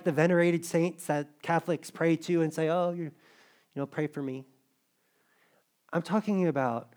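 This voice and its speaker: A man's voice: fairly high pitch, a little mellow. A middle-aged male pastor preaching a sermon in a conversational, joking way. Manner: conversational preaching, jokes with the congregation.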